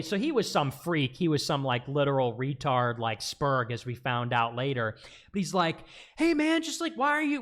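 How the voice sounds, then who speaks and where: A man with a fairly high speaking voice tells a story in casual livestream talk. He is animated and acts out what people said in a raised voice. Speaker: livestream guest.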